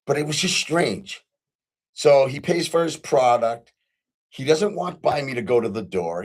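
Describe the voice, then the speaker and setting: A middle-aged man hosting his own show, telling a story in a casual, earnest way with frequent ums and restarts. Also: medium pitch. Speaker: podcast host.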